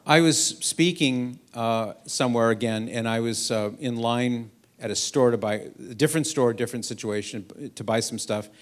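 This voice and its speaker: A middle-aged man gives a lively storytelling talk to a school crowd. His voice sits at an ordinary pitch. He swings it up and down as he acts out the other people in his stories. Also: normal speed, hardly any pauses. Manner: animated anecdote-telling, acts out quoted voices. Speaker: guest speaker. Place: school event hall.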